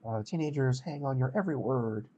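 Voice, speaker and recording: A man's voice: mid-range voice, brisk, warm tone, breathy edge, lo-fi sound. A man playing a game and reading its text aloud, joking and hesitant between grand speeches. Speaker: game player.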